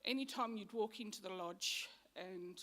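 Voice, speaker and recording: A woman's voice: mid-range voice, moderate pace, fairly bright tone. An Australian woman giving a funeral eulogy in a church, chatty and anecdotal, fond and close to tears. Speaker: eulogy speaker.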